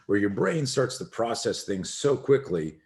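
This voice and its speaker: A middle-aged self-defense instructor, appearing as a podcast guest, tells an animated story and acts out the voices of its characters. His voice is lowish and his pace is measured.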